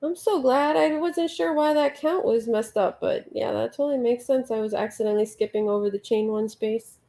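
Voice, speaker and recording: Crocheting during a relaxed late-night livestream, the host speaks at normal speed in a fairly high, creaky voice with a dark tone. She quietly counts stitches and chats while reading out comments from viewers.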